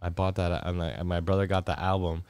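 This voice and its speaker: A man's voice: low voice, level tone, fast talker, clean tone, no room sound. A man telling a rambling, profane story in a casual podcast chat, acting out what people said. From Miami area. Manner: rambling, profane, acts out quotes loudly. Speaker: podcast co-host.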